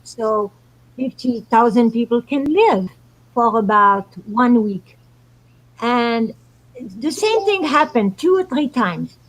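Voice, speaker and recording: A woman's voice: on the high side, lively intonation, slow pace, rough recording. A woman guest on a talk show, telling spiritual stories in an earnest, meandering way. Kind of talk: casual storytelling chat.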